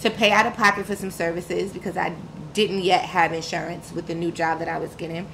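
Her voice sits lowish and fairly bright, with little pitch movement and a slightly fast delivery; the rough recording carries slight background noise. She's a podcast guest recounting her own experiences in a frank, emphatic, slangy manner, bringing scenes to life with quoted dialogue.

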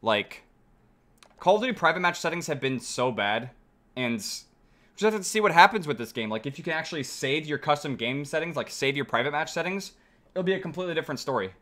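A young man commentates his own shooter match live for viewers, excitable and quick to swear. His voice is bright and swings widely in pitch, sitting a bit higher than most men. Gunshots from the game rattle behind him. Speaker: streamer. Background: gunfire from the game.

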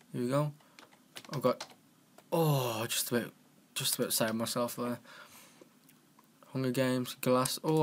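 A man giving casual, excitable let's-play commentary from his computer, talking to the game and yelping at crashes. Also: mid-range voice, a little hiss or hum. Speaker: gaming channel host. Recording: home mic with clear keyboard clicking.

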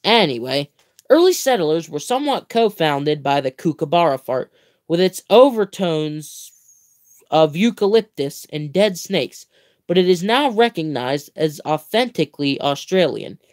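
Slow, playful young man reading aloud. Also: a little high, big pitch swings. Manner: playful, theatrical reading with mock-grand exclamations; drawn-out words, self-corrections and stumbles. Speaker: livestream host. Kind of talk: reading a comic book aloud with chatty asides.

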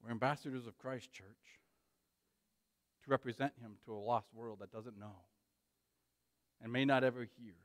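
A man's voice: medium pitch, fairly even intonation, moderate pace, pauses often, no room sound, studio quality. A man preaching a sermon as pastor, urgent and pleading, often checking in with "right?".

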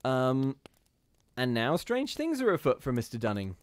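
A man's voice: mid-range voice, huge pitch swings, normal speed. A man hosting a live ghost story reading, chatting casually with his viewers between passages in a self-deprecating way.

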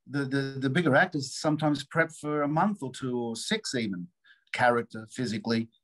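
A man, an actor guest in a casual interview, telling lively stories and acting out the lines of other people. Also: medium pitch, husky, rough recording. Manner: animated storyteller, acts out quotes.

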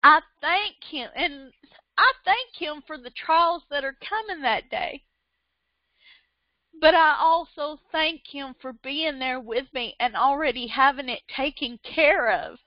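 A woman's voice: high voice, slow pace, dry recording, lo-fi sound. A woman preaching a sermon with fervent, emotional delivery, often breaking into repeated praises.

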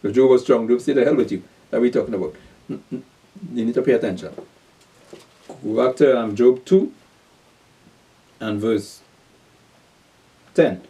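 A man's voice: mid-range voice, moderate pace, long pauses, warm tone, distant mic. A man preaching a sermon, reading scripture aloud and pressing his listeners with repeated rhetorical questions. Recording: voice set back from the mic.

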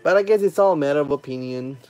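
A man hosting a live stream, opening trading card packs with excited casual commentary, humming while he opens them and chatting with viewers. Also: a little high, fast talker. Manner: chats with viewers and reads their comments aloud.

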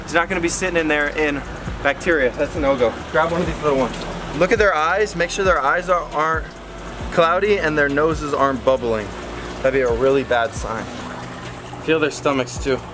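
A man talking to viewers in a casual outdoor vlog, excitable and direct, sometimes out of breath, recorded on an action camera. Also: on the high side, moderate pace. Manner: excitable, talks straight to viewers. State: out of breath at times. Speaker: vlogger, animal keeper. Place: outdoors, animal yard in hot weather. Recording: outdoor camera audio with noise.

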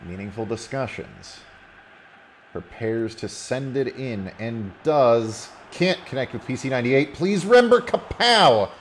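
A man casually commentating a video game football match play by play, getting loud when a goal goes in. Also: mid-range voice, unhurried, slight background noise. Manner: casual, rising excitedly on goals.

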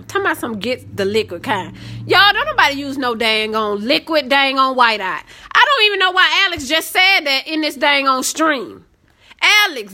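A young woman, hosting a casual live stream and telling sassy, animated stories. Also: high voice. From Southern United States.

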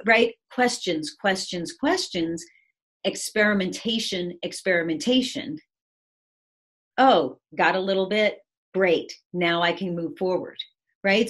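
A woman giving a conversational talk on resilience over a video call, reflective and often checking in with the listener. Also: medium pitch. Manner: reflective, frequently checking in with "right?". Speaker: speaker on resilience and change.

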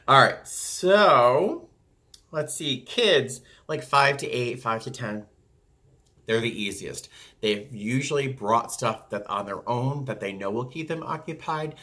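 A man who works as a flight attendant, chatting casually and acting out passengers with sudden jumps in pitch. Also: pushed and bright. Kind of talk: casual talk to camera.

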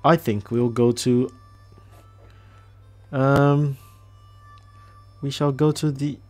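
A man's voice: mid-range voice, steady tone, drawn-out words, a little mellow, soft background music. Crude, chatty man playing a game. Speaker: gameplay commentator. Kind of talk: casual let's-play commentary.

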